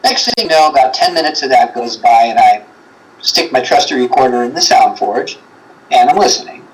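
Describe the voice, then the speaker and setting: A man's voice: mid-range voice, animated, a little fast, rough recording. A man telling a story as a guest on a paranormal talk show, rambling with many fillers and acting out quotes. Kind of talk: animated storytelling in a livestream chat.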